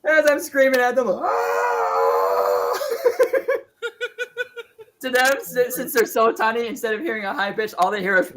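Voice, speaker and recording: A man playing a tabletop game, excitable and joking crudely. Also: very high-pitched, noisy background. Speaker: player. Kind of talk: tabletop role-play chat.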